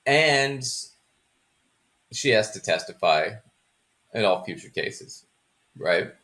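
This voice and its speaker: A man's voice: fairly low pitch, lively intonation, takes it slowly, fairly bright tone. A man hosting a casual commentary chat, chatty and mocking, often laughing. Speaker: host.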